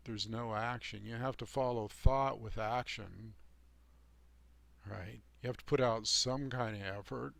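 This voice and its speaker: A slightly slow, steady mid-range voice with vocal fry and a fairly bright tone carries this host's sermon-like life advice on his channel. It rambles, sounds emphatic and folksy, is heavy on "you know" and "man," and slips in sarcastic asides. The recording is dry.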